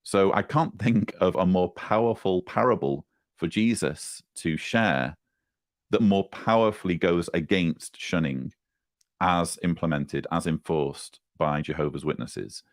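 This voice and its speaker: A man giving prepared, measured commentary in a video being played on the show. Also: low voice, no echo, clean studio sound.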